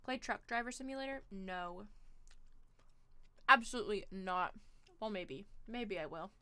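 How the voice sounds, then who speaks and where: Bright-voiced young woman streamer, slow and chatty. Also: mid-range voice, clear, resonant tone. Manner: chatty, self-deprecating, reads chat aloud. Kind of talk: casual gaming stream chat.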